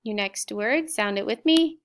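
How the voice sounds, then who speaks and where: A middle-aged woman teacher slowly sounding out spelling words and explaining vocabulary in a recorded lesson. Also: a little high, lively intonation, a little hiss or hum. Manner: slow, clear word-by-word sounding out.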